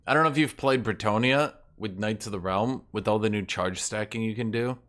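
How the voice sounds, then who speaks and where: A man's voice: fairly low pitch, a little fast, fairly bright tone. A man hosting a gaming video, chatting casually and profanely as he thinks aloud through his moves. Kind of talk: casual gameplay commentary.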